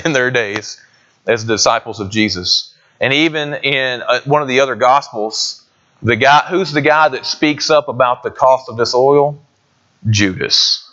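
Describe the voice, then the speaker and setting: Conversational pastor preaching. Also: male voice, mid-range voice, bright, forceful tone, highs cut off. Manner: conversational preaching, asks the congregation questions. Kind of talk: sermon.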